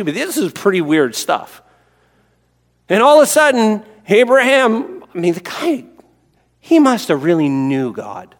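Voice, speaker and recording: A man's voice: sits high, measured pace. Preaching man in a reverberant hall. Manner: animated preaching, swinging from loud to hushed. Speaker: pastor. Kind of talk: sermon.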